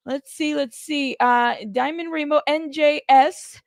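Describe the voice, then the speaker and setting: A woman's voice: high-pitched, fairly even intonation, measured pace, no echo, clean studio sound. A woman hosting a casual news livestream, chatty and greeting her viewers one by one by name.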